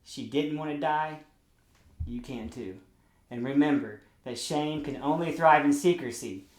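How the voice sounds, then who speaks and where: A man's voice: fairly high pitch, unhurried, a little mellow, roomy sound. A man hosting an interview, affirming his guest and closing with motivational remarks. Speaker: interview host. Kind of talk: supportive interviewer.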